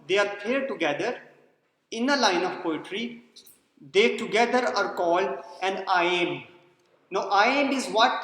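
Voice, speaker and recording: A man's voice: sits high, fairly bright tone. A man giving a classroom lecture, explaining patiently, repeating key points and checking whether students follow. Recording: echoey hall, long reverb.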